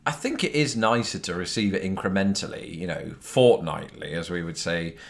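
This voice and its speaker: A man's voice: sits low, moderate pace, vocal fry. A British man hosting a casual viewer Q&A vlog, rambling and self-deprecating, with lots of fillers, recorded on a phone. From Britain. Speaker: YouTube host answering viewer questions. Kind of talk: casual chat.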